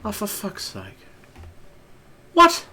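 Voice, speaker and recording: A man's voice: a little high, sing-song, normal speed, slight background noise. A man live streaming at his computer, ranting angrily and swearing constantly. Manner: angry, profane ranting.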